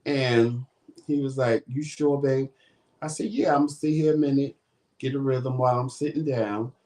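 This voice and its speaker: A man's voice: medium pitch, moderate pace. Man telling a story, casual vlog. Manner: animated retelling with quoted dialogue. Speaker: vlog host.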